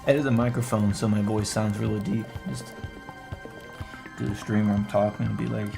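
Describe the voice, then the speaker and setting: A man with a fairly low, steady voice and vocal fry talks briskly while drawing on a home stream. He rambles, jokes, and talks to himself over background music, using a microphone through an audio interface.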